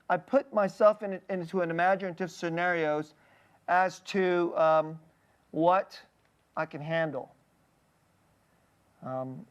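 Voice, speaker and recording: A male pastor preaching a conversational sermon in a candid, personal way, often breaking off to restart a thought and checking in with a quick "okay?". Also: sits high, highs cut off. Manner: halting, restarting phrases mid-thought.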